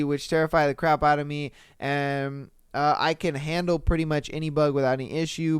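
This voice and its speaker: A man's voice: a little high, clean tone, dry recording, studio quality. A young man hosting a podcast, reading listener posts aloud and reacting with profane, laughing commentary. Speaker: podcast host.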